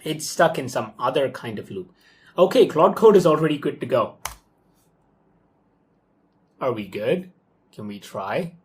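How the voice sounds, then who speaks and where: A young man talks through his work live at his desk. His voice sits at a middle pitch, loose and excitable. He thinks aloud, filling gaps with okays and ums. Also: a little slow, long pauses, a little hiss or hum. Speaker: software developer talking through his workflow. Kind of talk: casual live screen-recorded walkthrough.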